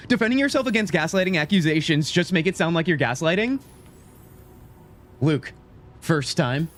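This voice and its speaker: A young man streaming a game live, his voice fairly high and bouncing all over. He jokes, teases and banters with his chat, with a faint hiss of noise behind him. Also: normal speed. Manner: excitable, teasing, banters with chat. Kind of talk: live gameplay commentary.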